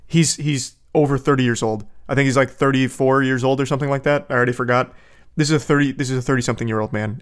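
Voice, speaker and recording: A man's voice: mid-range voice, fairly even intonation, quick pace. A man hosting a commentary video who reacts in a sarcastic, incredulous way, reading out messages with blunt profanity. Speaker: commentary host.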